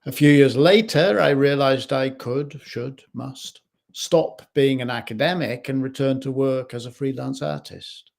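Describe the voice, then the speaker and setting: A man speaking as a life coach in a slow, measured reflective talk, recorded in his home kitchen. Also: mid-range voice, gravelly, a little mellow.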